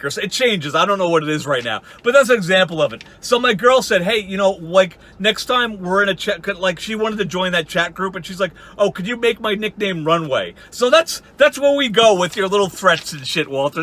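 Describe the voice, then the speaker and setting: A man's voice: high-pitched, bright, forceful tone. A man in his forties giving a sarcastic, profane ranting commentary as a YouTube commentator. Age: 40s.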